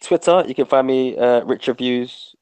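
A young man chats on a podcast in a mid-range voice. He is excitable and full of jokes. The recording is dry. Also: medium pitch, normal speed, clean tone, dry recording, poor audio. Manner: excitable, jokey. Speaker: podcast co-host. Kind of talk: casual podcast chat.

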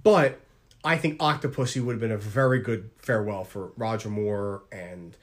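A man's voice: lowish voice, normal speed. A man co-hosting a casual film podcast, asking questions and adding bits of trivia. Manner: asks questions, adds trivia. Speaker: podcast co-host. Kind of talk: casual chat.

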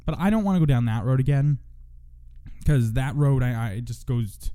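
A young man hosts a solo podcast, venting in a profane, rambling monologue full of restarts and self-interruptions. His voice is medium-pitched, expressive, and dark in tone, and he talks fairly quickly.

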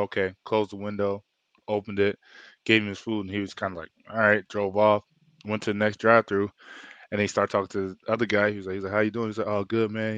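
A man's voice: fairly low pitch, fairly bright tone, no echo, dull audio. A man co-hosting a casual podcast chat, telling stories in a loose, rambling way full of filler words. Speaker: podcast co-host.

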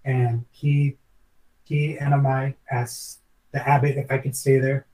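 A man's voice: mid-range voice, little pitch movement, unhurried, warm tone, recorded from a distance, poor audio. A former chef, a man, telling a long personal story in a podcast interview, reflective and earnest, rambling with many restarts.

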